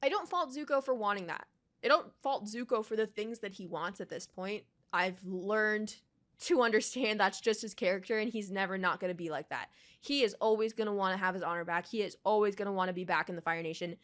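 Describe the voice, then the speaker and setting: A woman's voice: medium pitch, brisk, fairly bright tone. A woman vlogger ranting emphatically in reaction-video commentary, swearing freely.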